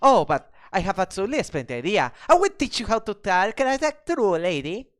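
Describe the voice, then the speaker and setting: A woman voicing an elegant, vain city lady who is flattering and bossy, reading game dialogue aloud. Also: mid-range voice, a little fast, pitched above the performer's own voice, natural voice. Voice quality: prim, theatrical, gushing.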